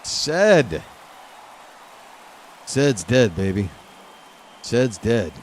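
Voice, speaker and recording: A man streaming live gameplay from a lounge chair at home, talking to the game and reacting loudly as he plays. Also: mid-range voice, very animated, drawn-out words, a little hiss or hum. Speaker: gaming streamer.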